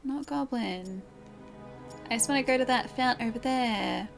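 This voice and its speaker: A woman's voice: a little high, moderate pace, creaky. A woman streaming a video game, joking with her chat in casual commentary. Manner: playful, jokey banter with chat. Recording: game music underneath.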